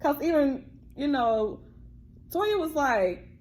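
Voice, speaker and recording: A young woman with a high-pitched voice chats casually about a reality TV episode. She retells scenes by slipping into the cast's lines, often more slowly. Her tone is relaxed and conversational. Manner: chatty, retells scenes by quoting the cast in slower voices. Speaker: co-host of a TV recap show. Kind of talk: casual chat reviewing a reality show.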